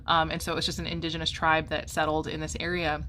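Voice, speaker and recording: A woman's voice: low-pitched, monotone, fast, bright, forceful tone, a little hiss or hum. A middle-aged woman chatting casually to camera at home, rambling with many ums and restarts. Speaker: vlogger. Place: home, by a window.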